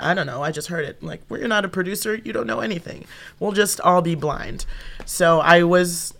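A young woman comedian and actor, chatting in a casual interview. Her voice is bright and forceful, and she tells her stories with animation, acting out the lines of everyone involved. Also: low voice. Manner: animated storyteller who acts out quoted dialogue.

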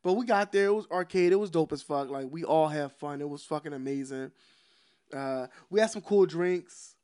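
Philly guy on a podcast, high voice, laughs a lot, easygoing slangy storytelling. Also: moderate pace, a little mellow, clean tone. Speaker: podcast co-host. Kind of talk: casual chat.

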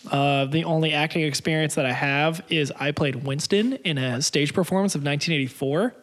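A man co-hosting a casual podcast, chatty and animated, laughing often as he talks. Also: fairly high pitch, fairly quick. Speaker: podcast co-host. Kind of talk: casual chat.

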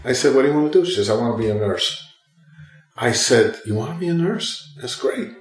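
This retired professor, an older interview guest, speaks fairly quickly in a mid-range voice. He tells his story in a lively way, voicing each character himself. The audio is poor and echoes around the room.

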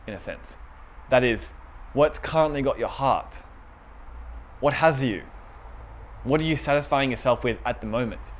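A man's voice: medium pitch, lively intonation, brisk, long pauses, slight background noise. A young man giving a casual, conversational sermon to a small group, retelling a story with quoted voices.

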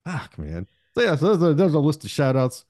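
A man hosting a podcast in casual chat, rambling through profane shout-outs. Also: on the high side, very animated, brisk, no echo, clean studio sound. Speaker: podcast host.

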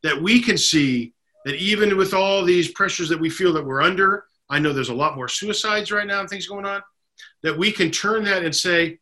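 A man's voice: fairly high pitch, moderate pace, pushed and bright. A man as a podcast guest, speaking earnestly and reflectively about faith, joy and people in hardship. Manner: earnest, talks of faith and shared meals. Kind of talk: reflective casual conversation.

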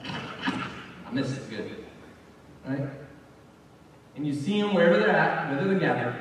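A man preaching a sermon as pastor, telling the story in a conversational, animated way with asides to his congregation. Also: high voice, slight background noise. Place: church sanctuary. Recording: echoey hall, mic from far off.

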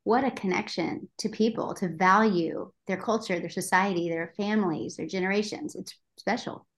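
A woman's voice: mid-range voice, normal speed. A woman hosting a Christian podcast over a video call, earnest, closing with a prayer for her guest. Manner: earnest, prays aloud. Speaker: podcast host.

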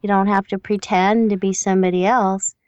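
A woman's voice: mid-range voice, level tone, fairly quick, a little mellow, clean tone, no echo. A woman hosting a casual interview, chatty and reflective, with many fillers as she thinks aloud. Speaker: interview host and voiceover performer.

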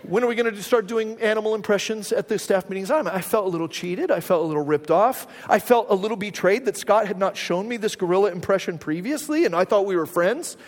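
High-voiced male pastor in a reverberant hall. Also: fast, hardly any pauses. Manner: conversational storyteller, asks the audience rhetorical questions. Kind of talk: sermon.

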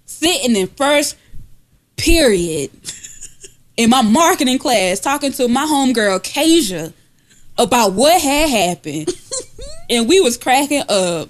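A young woman co-hosting a casual comedy podcast, joking loudly, laughing often and breaking into shouts and sung lines. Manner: loud, laughing often, bursts into high singing and shouting. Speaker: podcast co-host.

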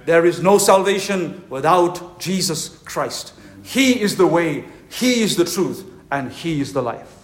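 A male pastor with a fairly high voice delivers a fervent sermon at a conference. He leans hard on slow, emphatic phrases. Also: expressive. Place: conference hall.

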